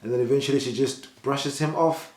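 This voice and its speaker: A man's voice: fairly quick, reverberant. A young man from South Africa telling personal stories to camera in a casual vlog, acting out the people he quotes with a raised voice. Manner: animated retelling, voices the people he quotes with rising pitch. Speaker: vlogger.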